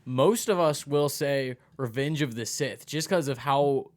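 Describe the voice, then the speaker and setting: A man's voice: medium pitch, measured pace. A young man co-hosting a casual podcast chat, laid-back and teasing. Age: young adult. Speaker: podcast co-host.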